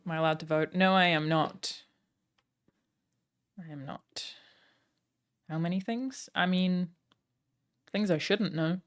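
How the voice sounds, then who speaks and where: Woman streamer, a little low-pitched, rambling live-chat delivery, loaded with filler words. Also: steady tone, slow pace, pauses often. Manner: chatty, full of "like" and "um" fillers. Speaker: streamer and game writer. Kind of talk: casual live-stream chat answering chat questions.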